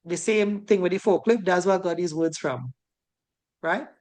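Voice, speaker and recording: Her voice is on the low side and darkish, at normal speed: a woman from the Caribbean, speaking Caribbean English, teaching a safety course. She lectures in a chatty classroom way, often finishing sentences with "right?".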